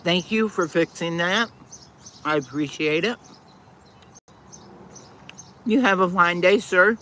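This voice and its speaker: A woman's voice: on the low side, takes it slowly, a bit bright, a little hiss or hum. An older woman hosting a live stream, chatting casually with viewers in a blunt, folksy way while she eats.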